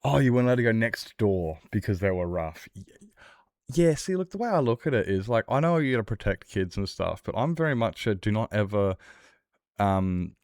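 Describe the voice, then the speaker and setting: A man's voice: lowish voice, dry recording, studio quality. A young man streaming a game, chatting casually with chat in a rambling, blunt way and swearing freely. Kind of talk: casual chat while gaming.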